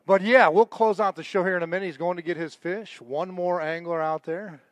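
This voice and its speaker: Guy emceeing a fishing weigh-in, high smooth voice, joking around with everyone, dry close sound. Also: fairly even intonation, fairly quick, no echo. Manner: chatty, joking, talks with the anglers and crew. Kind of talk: live event emceeing with casual banter.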